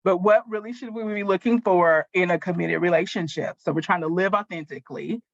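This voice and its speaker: A woman's voice: lowish voice, brisk, dry recording, lo-fi sound. A woman hosting a casual panel chat, enthusiastic and effusive, passing the floor to guests. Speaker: host.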